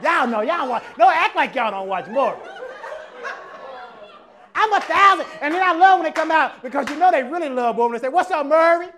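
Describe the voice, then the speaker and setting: A man with a notably high voice preaches a lively, animated sermon to his congregation. He talks in a relaxed, casual way and keeps acting out other people's voices, swinging between quiet asides and loud, emphatic points. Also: a little fast, some chatter behind, a little hiss or hum. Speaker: pastor. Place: church service with congregation.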